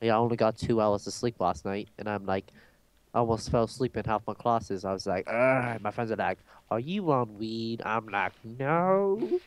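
A man's voice: lowish voice, little pitch movement, a little fast, clear, resonant tone. A teenage boy with an American accent, rambling and joking in a hyper, casual gaming chat. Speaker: gamer.

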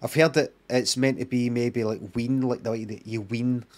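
A man's voice: mid-range voice, fairly even intonation, moderate pace, darkish tone. A man with a Scottish accent chatting, muttering and swearing through his live-stream commentary.

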